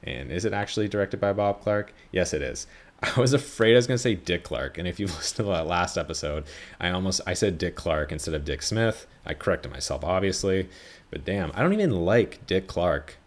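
Very deep-voiced rambling man. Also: expressive, brisk. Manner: rambling, chatty, self-correcting, swears freely. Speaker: podcast host. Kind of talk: casual movie review chat.

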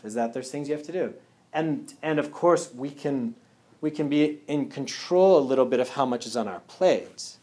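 A man's voice: medium pitch, a little mellow. A man speaking casually to a live audience at a wellness talk. He often checks in with "yeah?" and "right?".

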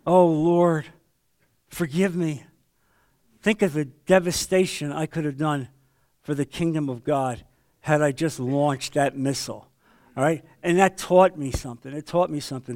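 A man leading a men's Bible study, teaching in a conversational sermon style and telling stories with sudden swings between loud and hushed delivery. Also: a little high. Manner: storytelling, acts out quoted voices, swings between loud and hushed.

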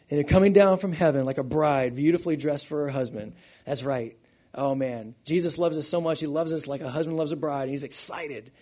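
Fervent male pastor with a slightly raised pitch, preaching with swings from quiet intimacy to loud fervor. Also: slightly rough. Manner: impassioned, building from hushed to loud. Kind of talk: sermon.

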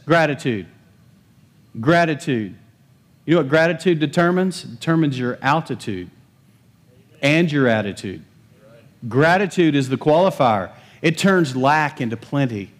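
A male pastor preaching a lively sermon, joking with the congregation and building emphasis. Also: fairly high pitch. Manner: animated, humorous preaching with rising emphasis.

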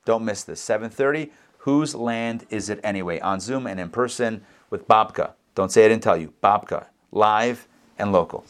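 A man leads a lively scripture lesson for a class. He keeps breaking into character voices that leap up in pitch, then settles back into casual remarks to his listeners. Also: moderate pace. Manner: acts out the characters' lines with big pitch jumps; chatty asides to the class. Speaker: rabbi teaching Torah class.

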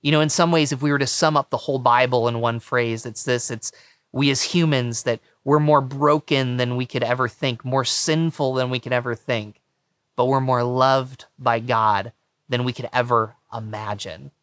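A man preaching a sermon as pastor, first reading scripture slowly, then explaining it in an earnest, conversational way. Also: mid-range voice, steady tone, a bit bright, dry recording, clean studio sound. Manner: earnest, conversational preaching with frequent "you know".

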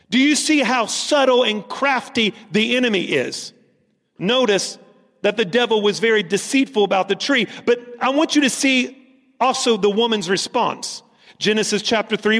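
Preacher, male, high-pitched, emphatic and repetitive, sermon in a church with long reverb. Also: fairly bright tone. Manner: emphatic, repeats lines for stress. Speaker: pastor.

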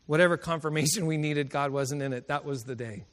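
A man's voice: a little high, brisk. A middle-aged male preacher telling personal stories in a sermon, emotional and laughing often as he goes. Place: college chapel. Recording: chapel recording with long reverb.

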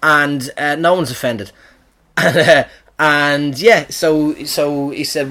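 A man's voice: on the high side, fairly even intonation, slow, sharp tone. A man, a comedian, chatting casually in a rambling, profane, digressive way. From Ireland. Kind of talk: casual chat.

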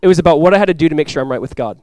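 Fast-talking young pastor preaching. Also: male voice, dry recording. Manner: swings from quiet earnest lows to loud excited highs; casual and conversational, with many "like" fillers. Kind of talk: sermon.

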